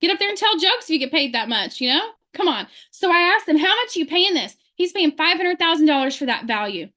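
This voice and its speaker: Woman, high voice, sales team leader; fervent motivational speech, rapid-fire questions, video-call mic. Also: very animated, pushed and bright.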